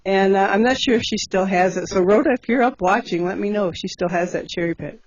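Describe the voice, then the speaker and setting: A woman's voice: mid-range voice, fast talker, no echo, highs cut off. Chatty woman telling animal stories. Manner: chatty, laughs through her stories, many fillers. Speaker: bear sanctuary caretaker telling stories. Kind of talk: casual storytelling on a livestream.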